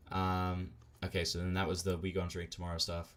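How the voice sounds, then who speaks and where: Brief: male online commentator, low voice, casual and sarcastic, crude slang. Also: moderate pace, long pauses.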